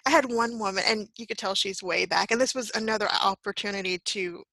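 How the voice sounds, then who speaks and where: A woman guest telling stories in a casual chat, animated and self-deprecating, laughing often as she acts out what people said. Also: mid-range voice, a little fast, vocal fry, no echo, poor audio. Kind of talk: casual storytelling in conversation.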